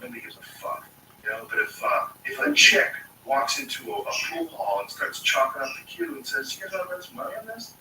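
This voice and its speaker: A man's voice: on the high side, echoey room, far from the mic, background noise. A man telling rambling stories in casual, profane talk, with many fillers. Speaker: storyteller. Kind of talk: casual anecdotal storytelling.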